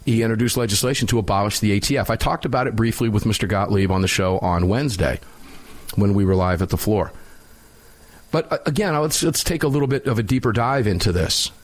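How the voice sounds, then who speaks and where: Male talk radio host, low register, sarcastic, casual banter. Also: fast. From United States. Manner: opinionated, sarcastic, laughs while mocking.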